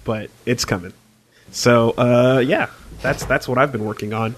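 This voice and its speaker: A man's voice: medium pitch, fairly even intonation, a little slow, a little hiss or hum. A man co-hosting a podcast, talking casually in a rambling, profane way with frequent laughter. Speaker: podcast co-host.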